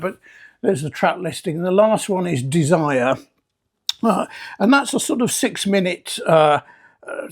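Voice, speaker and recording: An older man hosting a casual vinyl album review vlog, talking in a rambling way with many restarts. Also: high-pitched.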